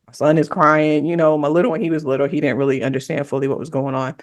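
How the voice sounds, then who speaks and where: A woman's voice: low-pitched, level tone, quick pace. A woman on a podcast panel, candidly and reflectively telling a personal story in casual conversation.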